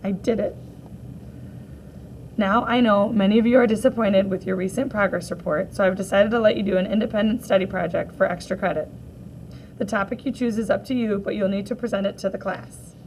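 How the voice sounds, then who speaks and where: Teacher lady reading a kids' graphic novel out loud, does the voices, a little hiss behind. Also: mid-range voice, brisk, low-quality recording. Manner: expressive, gently voicing each character. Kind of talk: read-aloud of a graphic novel for children.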